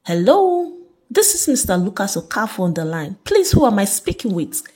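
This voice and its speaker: A woman's voice: medium pitch, big pitch swings, moderate pace, darkish tone, natural voice. A woman voicing a polite, cheerful young married man.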